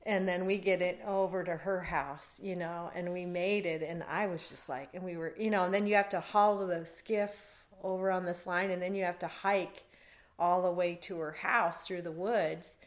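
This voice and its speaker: A woman's voice: on the low side, moderate pace. Woman telling a rambling story. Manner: rambling, animated, laughs while telling. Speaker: interviewee. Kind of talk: casual storytelling.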